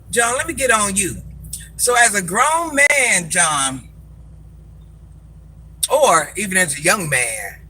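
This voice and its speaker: A woman's voice: mid-range voice, pushed and bright, slight background noise. An older woman, a social media personality, scolding commenters in a sassy, confrontational live rant, repeating her insults for emphasis.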